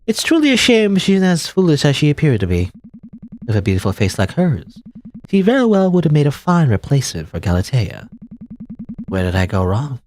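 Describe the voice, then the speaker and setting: A man's voice: a little high, huge pitch swings, normal speed, darkish tone, a little hiss or hum. A man voicing a hungry, scheming mermaid woman in a game, cold and sinister. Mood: scornful.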